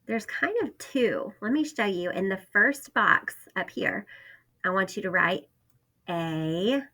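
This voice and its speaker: A woman teaching a phonics lesson to first graders, sounding out letters and words slowly and clearly. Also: medium pitch, pushed and bright. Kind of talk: phonics lesson for young children.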